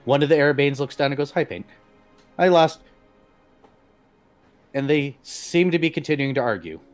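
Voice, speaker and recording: A man's voice: mid-range voice, soft background music. Man narrating as game master. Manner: voices arguing figures in quick succession.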